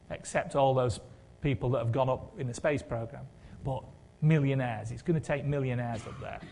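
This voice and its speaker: A man's voice: medium pitch, creaky, a little mellow. A man preaching a sermon in a conversational way, with wry humour and rhetorical questions.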